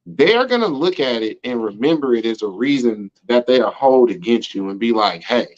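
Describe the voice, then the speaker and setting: A man's voice: medium pitch, lively intonation, normal speed, lo-fi sound. An American man casually telling stories in an interview, loose and slangy, always checking in with "you know what I'm saying.". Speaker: interview guest. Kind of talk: casual storytelling chat.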